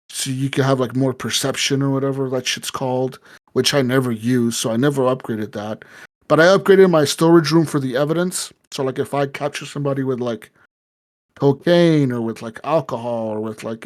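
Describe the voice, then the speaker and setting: A man hosting a casual gaming podcast, rambling through a story with lots of filler words and swearing. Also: mid-range voice. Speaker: podcast host.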